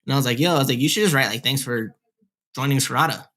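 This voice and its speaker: Young male podcast co-host on headset mic, mid-pitched, loose rambling storyteller full of fillers. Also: rapid-fire, sharp tone. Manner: rambling, heavy filler "like, whatever". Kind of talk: casual storytelling.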